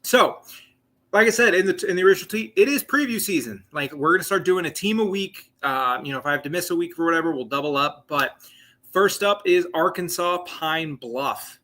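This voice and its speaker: Late twenties dude rambling thru a live football show, lotsa ums, bright voice. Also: male voice, a little high, expressive, fairly quick. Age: 20s. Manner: rambling, chatty, lots of fillers and asides. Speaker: sports podcast host. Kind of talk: casual live sports talk stream.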